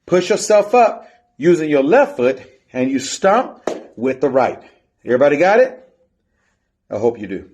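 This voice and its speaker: A man's voice: on the high side, sing-song, normal speed, long pauses, darkish tone. A man coaching a step team in an instructional video, counting and chanting the beat while he demonstrates. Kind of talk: instructional video teaching drills.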